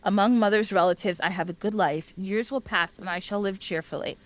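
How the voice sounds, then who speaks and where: A woman voicing a sharp-tongued young female shaman in a retold legend, using casual modern phrasing in her own everyday voice. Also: mid-range voice, brisk, natural voice. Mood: resolute. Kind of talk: casual storytelling.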